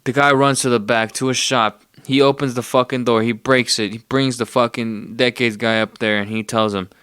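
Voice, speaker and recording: A man's voice: medium pitch, fairly even intonation, normal speed, a bit bright, clear, resonant tone, no room sound, studio quality. A man casually retelling a movie plot in a rambling, profane way, with streetwise slang. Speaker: podcast host.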